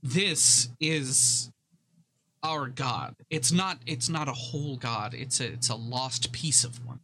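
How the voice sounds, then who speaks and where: A man voicing an ancient woman who tells a legend of a lost empire in a slow, solemn way. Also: medium pitch, pushed and bright, slight background noise, low-quality recording. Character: ancient woman telling her people's legend.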